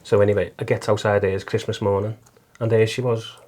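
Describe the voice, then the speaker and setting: Earnest Liverpool man, flat delivery. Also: fairly low pitch. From Liverpool, England. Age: middle-aged. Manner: earnest, halting, repeats words. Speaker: guest, taxi driver and volunteer listener. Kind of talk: casual testimony interview.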